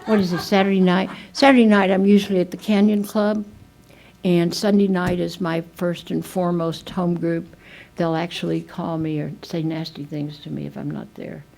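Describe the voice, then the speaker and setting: Older woman, speaker at a recovery meeting: lowish voice, rambling, self-deprecating storyteller. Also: little pitch movement, normal speed, gravelly, a little mellow, poor audio. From United States. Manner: chatty, self-mocking storyteller with many restarts. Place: meeting room.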